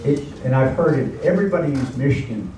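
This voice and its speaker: Picked up by a camera mic at a distance in a very echoey room, a male language teacher chats through his lesson, repeating words and adding side explanations. His medium-pitched voice is warm and lively in intonation, a little fast, with slight background noise.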